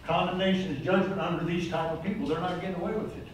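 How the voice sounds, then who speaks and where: A man's voice: high-pitched, steady tone, fast talker, a little hiss or hum. An older man preaching a sermon to a recovery program group, earnest and plain-spoken, rising to urgent exhortation. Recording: echoey room, voice from far off mic.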